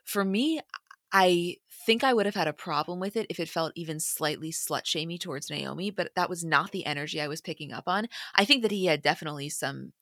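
A woman's voice: lowish voice, a little fast, fairly bright tone, no room sound, clean studio sound. A woman co-hosting a podcast, casually and analytically talking through a reality show, thinking aloud with fillers. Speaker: podcast co-host.

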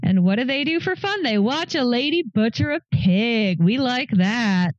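A woman in her thirties co-hosts a casual film review, animated and jokey and quick to do voices. Her voice sits a little high. The recording is dry and slightly dull. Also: no room sound. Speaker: podcast co-host.

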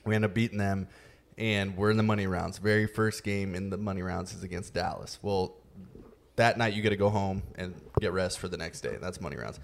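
A man hosting a podcast, telling a story in a relaxed, casual way with many fillers. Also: sits low, fairly quick, gravelly, a little hiss or hum. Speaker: podcast host. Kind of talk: casual chat.

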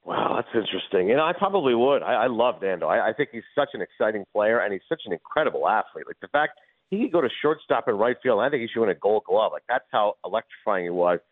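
A man calling into a sports radio show as a guest, chatting fast and animatedly about baseball and movies. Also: on the low side, dry recording. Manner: fast, animated, does impressions. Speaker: guest commentator. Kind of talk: casual sports radio chat. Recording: tinny phone-line sound.

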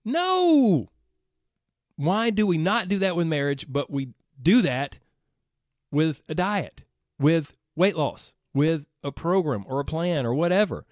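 A man's voice: on the high side, dry recording, studio quality. A man coaching listeners through an earnest, conversational motivational talk, repeating phrases for emphasis. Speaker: health and weight-loss coach.

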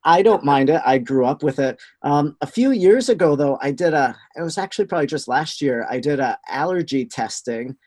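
A man with a Wisconsin accent, a guest answering in a steady, explanatory way. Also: fairly high pitch, a little fast, hardly any pauses. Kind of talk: casual interview answers.

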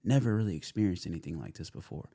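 A young man speaks as an interview guest, his voice low and deep with a warm, mellow tone. He tells his story in a loose, animated way, full of fillers, and acts out what people said to him. The sound is dry and close. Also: quick pace, breathy edge, dry recording. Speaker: guest, actor.

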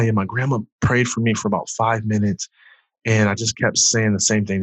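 A young man with a very low, husky voice tells a personal story with earnest conviction. He is from Detroit and speaks as a pastor on a podcast. The sound is close and dry. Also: little pitch movement, normal speed, dry recording. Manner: earnest storyteller, rises when reliving the moment. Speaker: pastor and guest. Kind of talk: emotional personal testimony.

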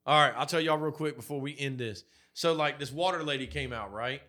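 A man with a mid-range voice speaks briskly as a podcast co-host, telling profane stories from work. He loudly acts out the people he quotes in this crude, casual chat.

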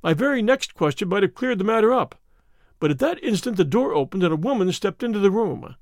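A man narrating a classic story in the first person as an audiobook reader, in a measured and vivid way. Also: high-pitched, expressive, no room sound, studio quality.

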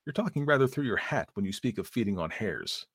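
A man voicing a prim, fussy gentleman who questions and orders in a raised, authoritative way. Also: lowish voice, sing-song, brisk, husky, no room sound, studio quality, heavily acted. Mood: demanding.

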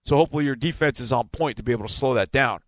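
A man's voice: mid-range voice, racing, no echo. Emphatic man breaking down a football game. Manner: emphatic, repeats key points. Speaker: football analyst.

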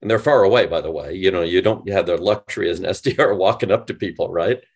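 Lively low-voiced man explaining. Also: fast, slightly rough. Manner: animated, demonstrative, acts out phone lines. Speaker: guest, sales company CEO. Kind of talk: podcast interview, explaining.

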